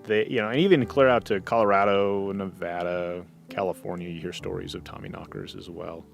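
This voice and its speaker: Easygoing low-voiced man co-host. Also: steady tone, vocal fry, faint music behind. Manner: easygoing, quick to laugh. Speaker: podcast co-host. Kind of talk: casual podcast chat.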